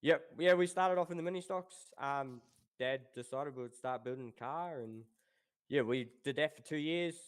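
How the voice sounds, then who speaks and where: A man in his thirties with a New Zealand accent, chatting as a guest about his racing past in a relaxed way. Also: medium pitch, normal speed, clear, resonant tone. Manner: relaxed, laid-back, says "obviously" and "um" often. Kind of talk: casual interview chat.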